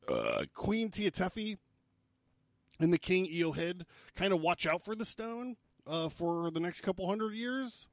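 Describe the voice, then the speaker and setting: Dude on a podcast rambling through an old legend, swears a lot, jokes around, slightly high voice, dry close sound. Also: male voice, no room sound. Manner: casual and profane, with jokey asides. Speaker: podcast host. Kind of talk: casual storytelling podcast.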